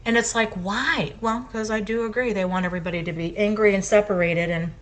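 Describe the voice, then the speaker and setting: A woman's voice: mid-range voice, fairly even intonation, fairly quick. A middle-aged woman co-hosting a casual talk podcast. She speaks her mind with passion and leans hard on her points, repeating them for emphasis. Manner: impassioned, emphatic opinion-giving. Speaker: podcast co-host. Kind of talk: casual chat.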